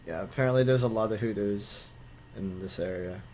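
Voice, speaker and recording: A man's voice: on the low side, brisk, a little mellow, a little hiss or hum. A young man in a casual podcast chat, making offhand wisecracks.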